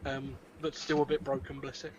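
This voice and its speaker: A man's voice: mid-range voice, little pitch movement, fairly quick. Giggly man on dull call audio. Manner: cheerful, giggly, narrates his character's actions. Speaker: player. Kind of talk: playing a tabletop game online.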